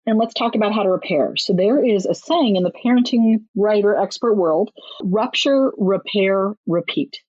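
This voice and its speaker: A chatty woman author on a podcast, talking emphatically and sometimes slipping into a higher voice to act out quotes. Her voice is husky and breathy, and the sound is dry and a little dull and lo-fi. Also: normal speed, darkish tone, no room sound. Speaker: parenting author and guest. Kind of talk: podcast interview.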